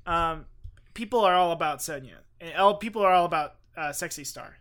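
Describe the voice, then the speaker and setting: A man's voice: on the high side, brisk, a bit bright. A young man hosting a comedy podcast, joking and laughing often, self-mocking. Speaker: podcast host. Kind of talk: casual comedic chat.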